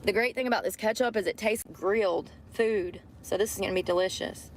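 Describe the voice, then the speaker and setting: A woman's voice: medium pitch, brisk. Chatty woman vlogging from her car. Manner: candid, rambling, swears freely. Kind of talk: casual chat to viewers. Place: inside a parked car. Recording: car interior with vehicle noise.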